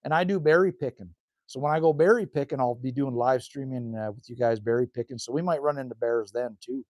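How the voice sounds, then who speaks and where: Outdoors by a cabin in the cold, a man live streams casually, reading viewer comments aloud and answering them in a laid-back, rambling manner. His voice is mid-range, brisk, and somewhat dark, captured in a dry, clean studio-quality recording.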